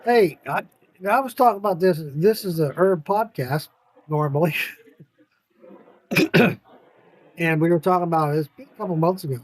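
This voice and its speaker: A man hosting a casual podcast, telling stories in an animated way, swearing freely and laughing often. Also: sits high, moderate pace, pauses often, dry recording. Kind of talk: casual chat.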